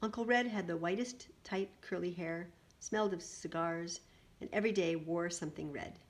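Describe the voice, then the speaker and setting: A woman reading a picture book aloud in an animated way, adding little asides to her listeners. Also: on the low side, normal speed.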